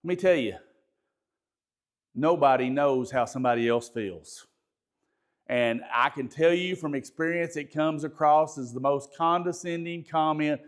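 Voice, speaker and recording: A pastor giving a conversational training talk, folksy, repeating words and asking the audience questions. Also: male voice, a little high, fairly bright tone.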